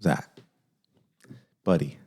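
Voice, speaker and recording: Earnest middle-aged man giving dad advice. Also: drawn-out words. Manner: earnest, repeats phrases, gentle coaching. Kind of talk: casual podcast chat.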